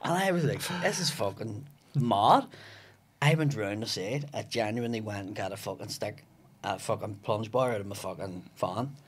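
A man's voice: fairly low pitch, moderate pace, breathy edge. A man with a Belfast accent, a comedian guest in a podcast studio, telling stories with lots of swearing and acting out each character's lines. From West Belfast, Northern Ireland. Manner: swearing, animated storyteller acting out dialogue. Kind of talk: casual podcast chat.

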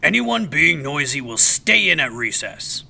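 A man voicing a stern male schoolteacher who barks orders loudly. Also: a little high, big pitch swings, unhurried, creaky, heavily acted.

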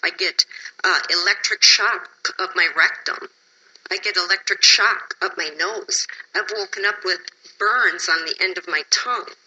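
A woman's voice: mid-range voice, pushed and bright, husky, low-quality recording. A woman from Wisconsin giving emotional, insistent public testimony at a hearing, sounding tired.

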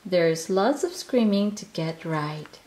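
A woman's voice: on the low side, expressive, slow, warm tone. A woman voicing a young female creature in a storybook reading, speaking theatrically. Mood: playful. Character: young female creature, dramatic playful actress.

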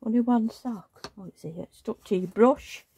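Woman vlogger, gravelly and husky, baby-talk cooing with chatty asides. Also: a little high, a little slow, dark tone, no echo. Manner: coos and baby-talks, chatty gossiping asides. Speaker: reborn doll vlogger. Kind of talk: casual chat while dressing a doll.

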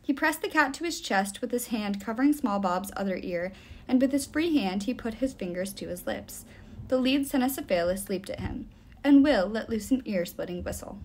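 A woman reading a novel aloud with expressive storytelling. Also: on the high side. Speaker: reader.

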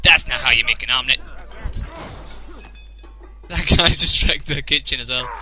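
A man's voice: medium pitch, moderate pace, faint music behind. A young man, casually commentating a video game, joking and laughing as he plays. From England. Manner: jokey, laughs often, reacts loudly. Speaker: let's play commentator.

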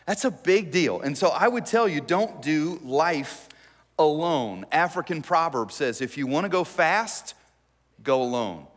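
A man preaching a sermon as pastor, animated and acting out the dialogue he quotes. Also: medium pitch. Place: church sanctuary. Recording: long reverb from a church hall.

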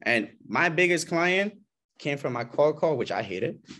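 In an unhurried, slightly high voice, a working realtor chats through coaching for a small group of agents. He acts out what clients and agents say with animation, frequently adding "right?" and "you know?".

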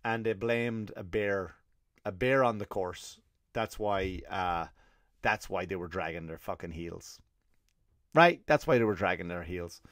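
A man's voice: sits low, a little slow, dry recording, clean studio sound. A man with an Irish accent hosting a comedy podcast, talking alone in a sarcastic, rambling, profane way with a slightly scratchy throat. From Ireland. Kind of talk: casual solo comedy monologue.

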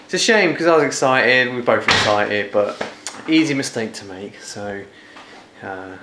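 A man's voice: fairly low pitch, animated, normal speed. Playful man vlogging at home, echoey. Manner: playful, teasing, chatty. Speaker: vlog host. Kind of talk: casual home vlog chat. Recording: echoey room with noise.

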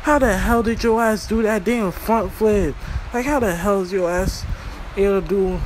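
A man's voice: sits high, normal speed, heavy background noise. A young man doing a profane, slangy comedic roast of a cartoon show. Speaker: roast commentator.

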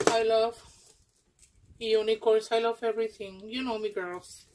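A woman who is not an English speaker, gushing and exclaiming as she unboxes a gift swap, with many pauses and fillers. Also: on the high side, flat delivery, slight background noise. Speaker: crafting vlogger.

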